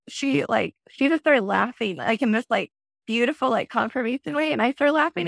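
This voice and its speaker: A woman in her thirties, a podcast guest, telling a personal story in a lively way and acting out her own past lines. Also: moderate pace, gravelly, no echo. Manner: animated, acts out her own past lines in a high excited voice. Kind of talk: conversational storytelling.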